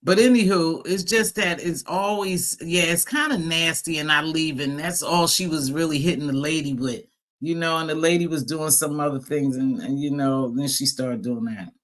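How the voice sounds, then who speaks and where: A woman's voice: sits low, moderate pace. A woman hosting a casual live chat stream, speaking bluntly and profanely, laughing often and greeting viewers as she talks. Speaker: livestream host.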